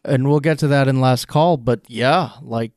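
A man's voice: medium pitch, moderate pace, a little mellow, dry recording, clean studio sound. A man co-hosting a casual podcast, picking apart a film scene with enthusiastic, rambling analysis and frequent restarts. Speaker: podcast co-host.

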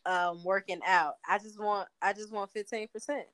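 A woman's voice: medium pitch, fairly even intonation, moderate pace, fairly bright tone, dry recording. A woman co-hosting a podcast in casual chat, with a radio host voice and a playful, laughing manner.

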